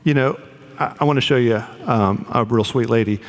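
A man's voice: medium pitch, moderate pace, in a large hall. A man preaching a sermon as pastor, earnest and conversational, with fillers.

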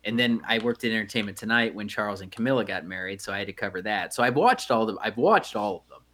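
A man's voice: on the low side, animated, fast, a bit bright. A middle-aged man co-hosting a podcast in casual chat, rambling with many fillers and restarts. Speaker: podcast co-host.

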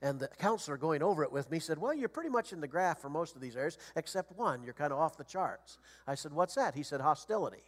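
A middle-aged or older man speaks as a guest preacher, delivering his sermon fast in a voice that is a little high. He is animated and tells stories, building up to loud emphasis.

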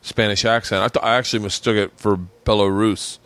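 A man's voice: lowish voice, level tone, a little fast, fairly bright tone, dry recording. A man hosting a podcast, telling rambling stories in casual chat. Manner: rambling storyteller, voices others in quotes. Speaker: podcast host. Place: small room.

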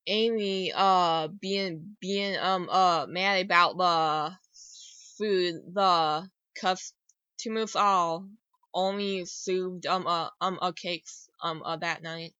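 A woman in casual chat, halting and searching for words between pauses. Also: lowish voice, steady tone, bright, forceful tone, smooth, dry recording, dull audio. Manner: halting, many fillers and restarts. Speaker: podcast co-host.

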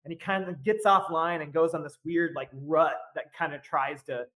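A man's voice: a little high, normal speed, fairly bright tone. A man on a podcast as a guest, telling a story in casual chat, full of fillers and breaking into laughs often.

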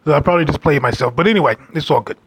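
A man telling a rambling story about a date in a brash, casual monologue with loud asides. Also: on the high side, rapid-fire, husky, dry recording. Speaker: dating storyteller.

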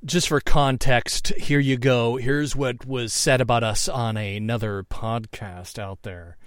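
A man's voice: mid-range voice, fairly even intonation, measured pace, clean tone, no room sound, clean studio sound. A man hosting a podcast in a loose, joking way, laughing and swearing in his asides. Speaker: podcast host. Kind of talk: casual podcast commentary.

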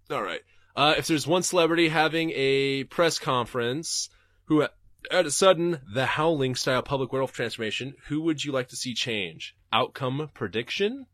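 A young man hosting a podcast, answering listener questions in a casual, profane, animated rant from his home desk. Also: mid-range voice, dry recording, studio quality.

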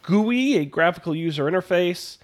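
Lively man with a cold. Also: high voice, moderate pace. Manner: animated, reads game text with playful emphasis. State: has a cold. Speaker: podcast host. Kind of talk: casual chat, reading a text game aloud.

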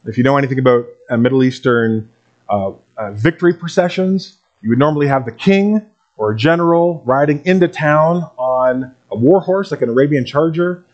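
A man pastor reading a Bible passage aloud and then preaching in a relaxed, conversational way to his congregation. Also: medium pitch, normal speed, lo-fi sound. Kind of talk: sermon.

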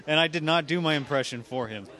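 A man with a somewhat high voice who answers in a modest, slightly sheepish way. He is a guest in a casual interview recorded outdoors at a fan convention. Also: brisk, bright, forceful tone. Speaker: voice actor guest.

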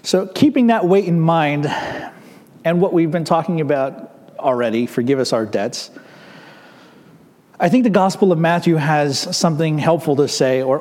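Man, pastor, sermon, conversational asides, slightly high voice, long church-hall reverb. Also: a little mellow. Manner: conversational, with rhetorical asides to the congregation.

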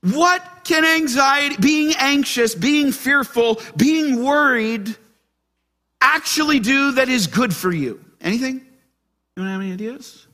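Guy preaching in church, bright voice, fired up, keeps asking the room questions. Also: extremely high pitch, a little slow. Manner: animated, asks the congregation questions. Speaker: pastor. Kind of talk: sermon.

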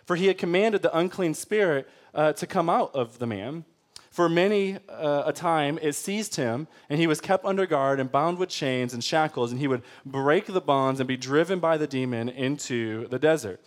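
A young man preaching a sermon, energetic, with joking asides and frequent check-ins with the congregation. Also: on the high side, moderate pace. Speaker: pastor.

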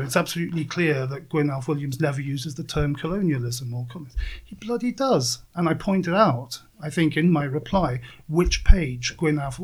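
A man speaking as a guest in a casual political chat, emphatic and argumentative. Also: a little high.

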